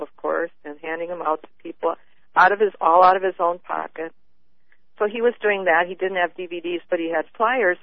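A woman calling in to a radio show, telling her story earnestly in halting bursts with many restarts. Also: on the low side, no echo. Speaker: caller. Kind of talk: call-in radio chat. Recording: tinny phone line.

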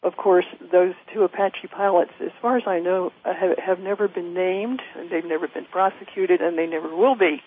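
A woman phones in to a talk radio show, earnest and halting, filling her pauses with "uh." Her voice comes through a thin, tinny phone line. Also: lowish voice, fairly even intonation, breathy edge. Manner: earnest, halting, many fillers. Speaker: radio caller. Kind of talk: phone-in conversation.

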